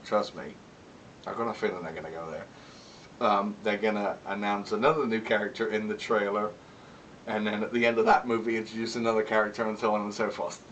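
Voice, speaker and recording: A man's voice: on the low side, flat delivery, brisk, fairly bright tone, distant mic, highs cut off, a little hiss or hum. A man chatting casually in a vlog, rambling and candid, swearing often and laughing between remarks. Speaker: vlogger.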